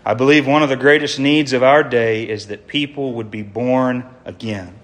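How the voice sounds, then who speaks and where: A man's voice: medium pitch, steady tone, moderate pace. A man preaching an evangelistic sermon to a congregation in an earnest, emphatic way, with many rhetorical questions.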